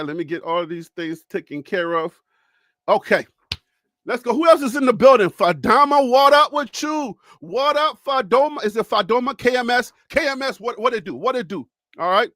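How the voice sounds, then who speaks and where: A man with a Liberian accent hosting a sports talk stream, talking fast and energetically as he gives viewers shout-outs. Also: extremely high pitch, lively intonation, no room sound, clean studio sound. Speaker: sports talk show host. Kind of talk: casual live-stream chat with shout-outs.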